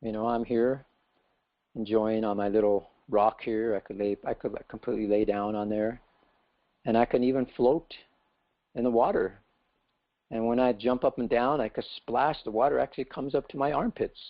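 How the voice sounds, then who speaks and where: Man voicing a gravelly little frog in a well. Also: mid-range voice, steady tone, moderate pace, highs cut off, natural voice. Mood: contented. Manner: boastful, then wide-eyed and amazed. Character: small contented male frog in a well.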